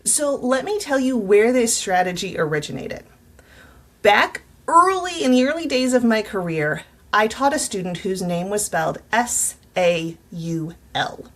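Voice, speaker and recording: A woman teacher speaking to fellow teachers in a casual advice vlog. Her delivery is upbeat and encouraging, and she speaks at an easy, mid-pitched conversational level. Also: lively intonation, a little slow, a bit bright. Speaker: middle school teacher.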